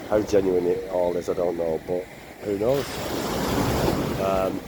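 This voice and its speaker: An older man with a blocked nose, talking slowly and plainly in a casual travel vlog by the sea. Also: low-pitched, steady tone. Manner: slow, rambling, plain-spoken. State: congested, bunged up. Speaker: vlogger. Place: outdoors by the sea. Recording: noisy outdoor recording.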